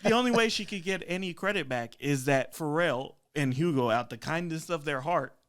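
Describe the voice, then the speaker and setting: A man co-hosting a podcast, cutting in to steer a heated debate and explaining his view in a measured way. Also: fairly high pitch, animated, fairly bright tone, smooth. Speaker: podcast co-host. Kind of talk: debate moderating.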